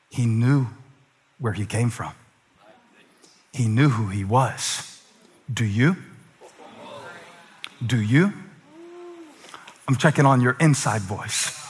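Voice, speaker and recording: A man from South Carolina preaching a sermon as pastor, dropping to a hush then building to shouts with repeated rhetorical questions. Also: on the high side. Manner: dramatic preaching, swings from hushed to shouting; rhetorical questions and call-and-response with congregation.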